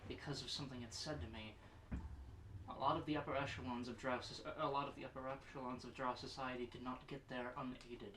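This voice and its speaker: A man's voice: mid-range voice, fairly even intonation, quick pace, pushed and bright, slight background noise. A man speaking earnestly in character during a tabletop role-play, often restarting his sentences. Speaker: player. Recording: echoey room, voice from some distance.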